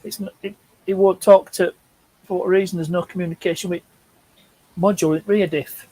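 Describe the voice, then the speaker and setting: A man in casual chat, explaining things haltingly with restarts. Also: sits high, steady tone, warm tone, rough recording.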